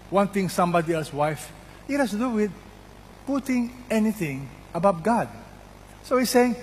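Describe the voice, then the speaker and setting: A man's voice: a little high, slight background noise. An older man preaching a sermon, emphatically repeating key words and putting questions to his congregation. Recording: long hall reverb.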